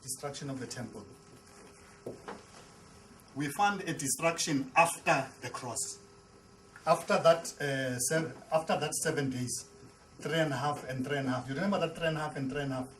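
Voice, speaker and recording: Pastor guy lecturing a bible class, kinda high voice, stops and restarts a lot, faint hiss. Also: moderate pace, pauses often, fairly bright tone, low-quality recording. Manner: repeats and restarts words, emphatic, asks the class questions. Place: classroom with a board.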